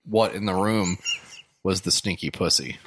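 A man's voice: deep voice, moderate pace, slightly rough. A man co-hosting a casual comedy podcast, riffing crude joke ideas with a friend. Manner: crude, joking riffs. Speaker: podcast co-host.

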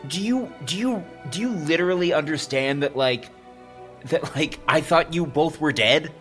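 A man's voice: on the high side, normal speed, fairly bright tone, faint music behind. A man playing his character at a tabletop game, flustered and stammering. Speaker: player. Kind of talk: in-character role-play.

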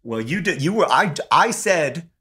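A man's voice: fairly high pitch, expressive, measured pace, bright, forceful tone, husky. A man co-hosting a podcast in casual chat, wry and teasing, often breaking into laughter. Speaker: podcast co-host.

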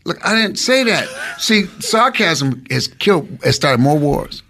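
A man's voice: fairly high pitch, very animated, a little slow, bright, forceful tone. A man, a comedian guest on a podcast, riffing and exclaiming in casual comedic chat.

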